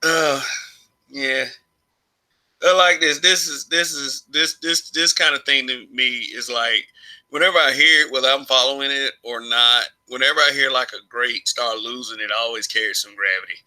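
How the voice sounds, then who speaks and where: A man's voice: medium pitch, fairly even intonation, normal speed, bright, forceful tone, rough recording. A man from Alabama giving his opinions in a casual vlog monologue, rambling, restarting phrases and chuckling often. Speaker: vlogger.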